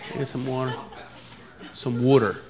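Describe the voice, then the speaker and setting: A man's voice: mid-range voice, steady tone, moderate pace. A man with an East Coast accent doing a stand-up routine, joking about his own accent. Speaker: stand-up comedian. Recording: loud laughing crowd, noisy club.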